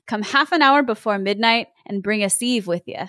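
A woman's voice: mid-range voice, normal speed, fairly bright tone, no echo, clean studio sound, natural voice. A woman voicing a sly village wife who is secretly a witch, speaking in a coaxing, conspiratorial way.

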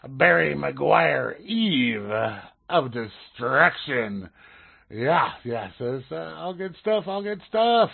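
A man's voice: on the high side, big pitch swings, slow, creaky, breathy edge. A man co-hosting a casual podcast, easygoing and often laughing, reading news stories aloud. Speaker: podcast co-host. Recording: phone-like narrow band.

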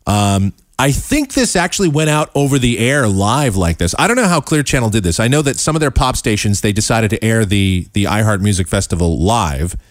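A man hosting a talk show, giving casual, sarcastic commentary with quick asides. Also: on the low side, lively intonation, dry recording, studio quality. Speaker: show host.

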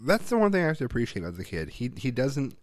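A man, a father, co-hosting a casual chat, telling animated stories, swearing freely and mimicking voices. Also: mid-range voice, quick pace, no echo, studio quality. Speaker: podcast co-host, father.

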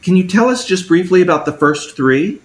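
A man's voice: sits high, lively intonation, a little fast. Cheerful man hosting a children's story show. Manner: cheerful and welcoming. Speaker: host. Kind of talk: interviewing an author for children.

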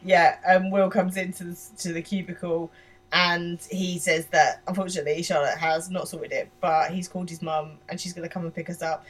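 Woman from england chatting through an episode, laughs a lot, lowish voice, sits back from the mic. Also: little pitch movement, moderate pace, far from the mic. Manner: laughs often, quotes characters while retelling. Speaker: podcast co-host. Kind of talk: casual recap of a TV episode.

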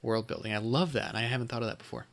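A man's voice: medium pitch, very fast, creaky. Male podcast co-host, upbeat, enthusiastic listener. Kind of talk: casual podcast chat.

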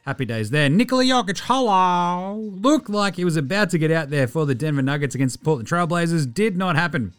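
A man's voice: a little high, expressive, a little fast, hardly any pauses, fairly bright tone, clean tone, faint music behind. A man with an Australian accent hosting a sports podcast, chatting casually in a jokey, slangy, rambling way. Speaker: podcast host.

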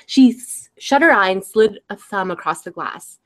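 A woman author on a show, reading aloud from her own novel in a lively, chatty way. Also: mid-range voice, moderate pace, few pauses. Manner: lively, chatty, laughs between passages. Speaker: guest author.

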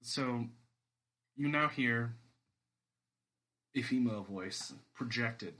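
A man serving as game master, narrating a tabletop game in a relaxed, rambling way with many fillers. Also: mid-range voice, takes it slowly.

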